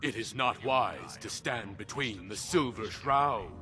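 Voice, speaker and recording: A man's voice: mid-range voice, lively intonation, slow pace, bright, forceful tone, soft background music. A man voicing a grandiose vigilante hero who speaks in a pompous, theatrical way.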